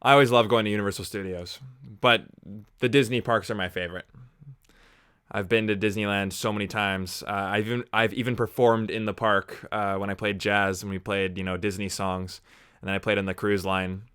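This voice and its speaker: A man's voice: on the low side, fairly even intonation, a little fast, a bit bright, clean tone, dry recording. Young male reviewer, dry close sound, sarcastic casual banter. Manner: chatty, sarcastic, juvenile jokes. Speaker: movie review host. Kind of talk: casual watch-along chat.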